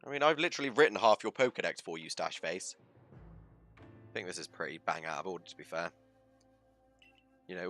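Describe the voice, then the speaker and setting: A man's voice: sits low, fairly quick, long pauses, soft background music. Theatrical man streaming a game. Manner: theatrical, swings into loud outbursts. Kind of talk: casual live game commentary.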